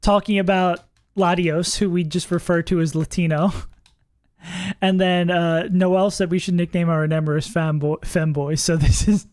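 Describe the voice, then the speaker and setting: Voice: medium pitch, fairly even intonation, normal speed, darkish tone, dry recording. A streamer casually talking through a game live, thinking aloud, laughing often and swearing now and then. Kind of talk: casual livestream commentary while playing.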